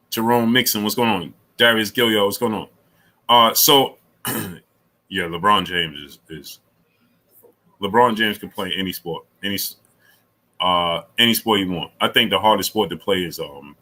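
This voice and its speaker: Animated man hosting a live stream. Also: lowish voice, rough recording. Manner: animated, repeats himself, rises sharply when arguing. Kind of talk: casual live-stream chat, reading super chats.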